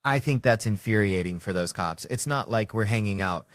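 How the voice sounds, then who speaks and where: A man performing an animated, profane stand-up comedy routine on a handheld stage microphone. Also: on the low side, moderate pace, few pauses, no room sound.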